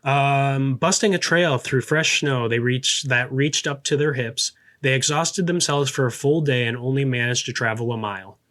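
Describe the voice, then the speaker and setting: A man hosting a podcast, reading a true-story script aloud, often tripping over words, restarting, muttering quick asides and drifting into casual commentary. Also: medium pitch, a bit bright. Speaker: podcast host.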